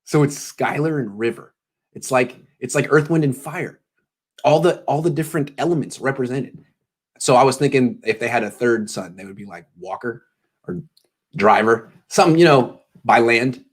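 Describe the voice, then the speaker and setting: A man's voice: medium pitch, normal speed. A tired man hosting a pregame sports show, talking casually with jokes and self-deprecating tangents. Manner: joking, self-deprecating, meandering.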